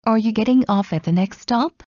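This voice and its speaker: Woman, slow phrase-by-phrase reading, mellow tone, dry dull lo-fi sound. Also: fairly high pitch, no room sound. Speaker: English teacher. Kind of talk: reading practice phrases aloud.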